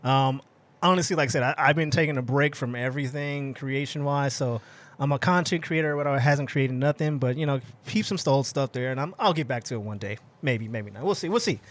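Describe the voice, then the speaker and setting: A man's voice: mid-range voice, brisk. A man who is a guest on a podcast, chatting casually in a studio, laughing often and stumbling over restarts as he teases the hosts. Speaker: podcast guest, content creator. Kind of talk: casual chat.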